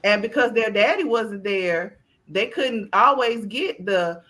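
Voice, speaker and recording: A woman hosting a casual podcast chat, her voice bright and forward. She tells stories bluntly and swears freely, acts out the people she quotes, and laughs often. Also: a little high, animated, normal speed. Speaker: podcast host.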